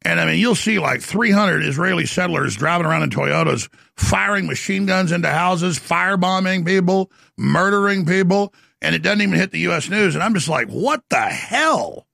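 A middle-aged man with a very gravelly, strained voice that sits high. He rants intensely on his talk show, boastful and combative. The sound is bone-dry and close. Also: brisk, hardly any pauses, bright, forceful tone, no room sound. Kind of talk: ranting monologue.

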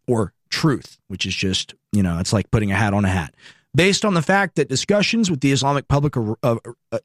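A man's voice: on the high side, no room sound, clean studio sound. A man hosting a political commentary show, talking casually and sarcastically, with asides while reading posts aloud.

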